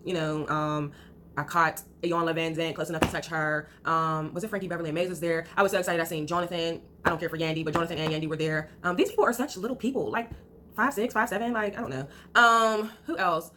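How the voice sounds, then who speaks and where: A woman vlogger telling a casual storytime, animated and acting out what people said. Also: on the low side, quick pace, noisy background. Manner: animated, acts out quotes, trails off with blah blah.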